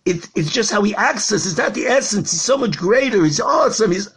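A man with a high, gravelly voice gives an impassioned Torah lecture as a rabbi. His tone is very husky and rough. He stretches out key words for weight and tells a parable to make his point. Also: lively intonation, a little fast, fairly bright tone. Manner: storytelling with a parable.

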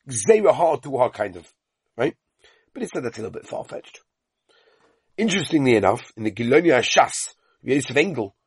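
A man's voice: a little high, darkish tone, slightly rough, no room sound, clean studio sound. A middle-aged man giving a Talmud lesson, talking animatedly and mixing Hebrew and Yiddish terms into English. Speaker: Talmud teacher.

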